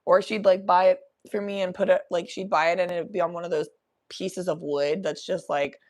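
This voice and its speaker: A young adult woman hosting a podcast, telling a story in an animated, profane, laughing way. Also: lowish voice, fairly quick. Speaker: podcast host. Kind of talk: casual storytelling.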